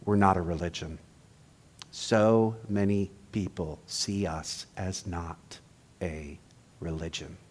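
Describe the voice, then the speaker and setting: A man's voice: deep voice, steady tone, slow, darkish tone, slight background noise. A man giving a humorous sermon, telling jokes in a playful, storytelling manner. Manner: playful, joke-telling, then reflective.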